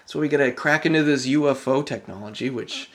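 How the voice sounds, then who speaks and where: A man's voice: medium pitch, brisk. A man, rambling loosely and swearing casually in a casual podcast chat.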